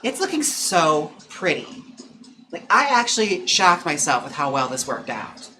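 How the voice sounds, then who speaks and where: A man's voice: on the high side, sing-song, unhurried, bright, forceful tone, a little hiss or hum. A man from Wisconsin who performs in drag, chatting on a casual home livestream, campy and dramatic with sudden gasps and sassy asides. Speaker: drag queen and wig stylist streaming live.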